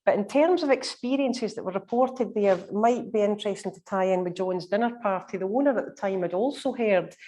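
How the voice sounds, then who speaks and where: A woman, a paranormal researcher, recounting ghost experiences in a chatty, measured way with many fillers. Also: mid-range voice, mellow. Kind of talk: storytelling in conversation.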